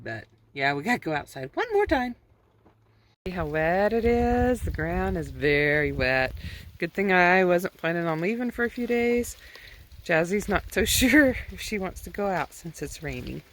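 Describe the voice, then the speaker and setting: A woman's voice: on the low side, expressive, normal speed, a little hiss or hum. A woman vlogging from her camper van and campsite, chatting casually and coaxing her dog in a sing-song voice. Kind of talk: casual vlog chat.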